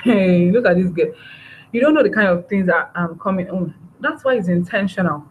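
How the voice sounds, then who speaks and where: Lively woman teaching parents. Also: fairly low pitch, moderate pace, narrow, tinny audio, a little hiss or hum. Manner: lively, acts out parent and child voices. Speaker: parenting trainer. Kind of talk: training talk to parents.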